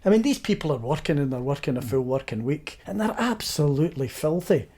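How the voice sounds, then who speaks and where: A man's voice: on the high side, big pitch swings, brisk, warm tone. A man presenting a documentary and talking earnestly with his guest.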